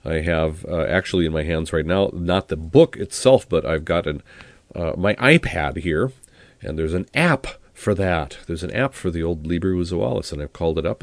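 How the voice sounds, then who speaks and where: A man teaching about a Latin hymn, talking it through in a relaxed way and singing the plainsong verses. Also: low-pitched, moderate pace, no echo, studio quality. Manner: relaxed explanatory talk with fillers. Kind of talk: spoken explanation and sung Latin hymn.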